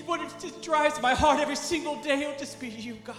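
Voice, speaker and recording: A man ministering in a church worship hall with a strikingly high voice. He moves between hushed, whispered thanks and shouted praise. Worship music plays clearly beneath him, and the echo of the room carries every word. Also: brisk. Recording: echoey hall with music underneath.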